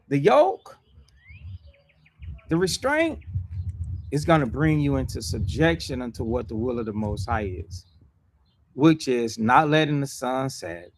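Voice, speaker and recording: A man preaching a sermon emphatically, repeating himself, using street slang and swinging between loud outbursts and quiet asides. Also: mid-range voice.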